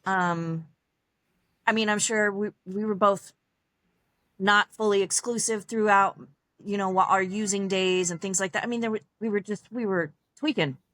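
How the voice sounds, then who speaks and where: A young adult woman, a podcast guest, telling her personal story in a casual, animated way, acting out other people's lines with laughs and fillers along the way. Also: mid-range voice, normal speed, dry recording. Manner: animated, acts out quoted dialogue, frequent laughs and fillers.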